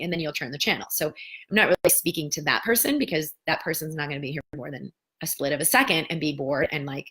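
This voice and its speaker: A woman in her thirties fields viewer questions in a relaxed spiritual coaching talk, lively and acting out the voices of skeptics. Her voice sits low and her pace is fairly quick.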